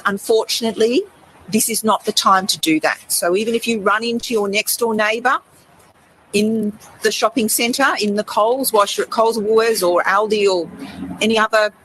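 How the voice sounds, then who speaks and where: Australian woman, health official, measured, earnest, bright forceful voice, faint background noise. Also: medium pitch, rough recording. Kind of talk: official public announcement.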